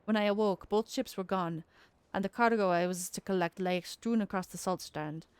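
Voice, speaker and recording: A woman's voice: mid-range voice, normal speed, darkish tone, clean tone, dry recording, lightly acted. A woman voicing a worried young male dockhand in a put-on rustic seafaring accent with old-fashioned folksy dialect. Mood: earnest.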